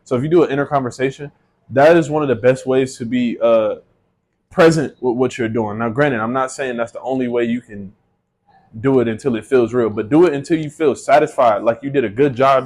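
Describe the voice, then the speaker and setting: A man's voice: mid-range voice, normal speed, a little mellow. A man vlogging a casual monologue about manifestation on a small personal mic, joking and swearing freely. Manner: profane, joking, conversational.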